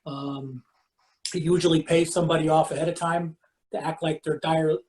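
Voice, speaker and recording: A man's voice: on the high side, little pitch movement, moderate pace, a little mellow, rough recording. A middle-aged man describing his character in a tabletop game, hesitant with many fillers. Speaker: player. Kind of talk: casual tabletop game play.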